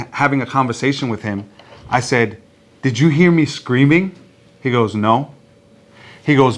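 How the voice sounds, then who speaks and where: A man preaching a sermon who tells a story with energy and acts out the people in it, in front of a congregation. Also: medium pitch. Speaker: pastor.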